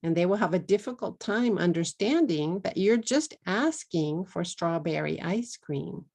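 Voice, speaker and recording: A middle-aged woman from the United States with a Texan accent, teaching an English pronunciation lesson and repeating words slowly for learners. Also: fairly low pitch, lively intonation, a little mellow.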